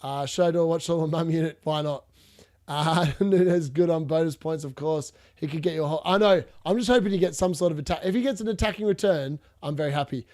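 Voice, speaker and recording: A man's voice: on the high side, fairly quick, darkish tone. An Australian man from Perth hosting a casual fantasy football live stream, chatting and rambling with viewers, blunt and laughing often. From Perth, Western Australia.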